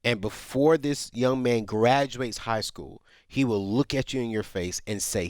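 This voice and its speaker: A man's voice: mid-range voice, measured pace, hardly any pauses, no echo, clean studio sound. A man co-hosting a radio advice show, speaking with heartfelt passion to a caller. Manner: passionate, heartfelt, many restarts.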